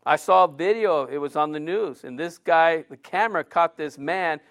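A middle-aged man preaches in a loose, conversational way, firing off rhetorical questions and slipping in jokes. His voice sits noticeably high for a man. The talk has the easy flow of a pastor speaking to his own congregation. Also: moderate pace, a bit bright. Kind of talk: sermon.

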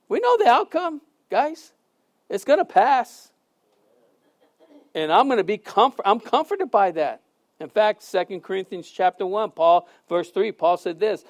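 A middle-aged man preaching a conversational sermon, telling stories with sudden loud and soft swings and repeating phrases for emphasis. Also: high voice. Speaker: pastor.

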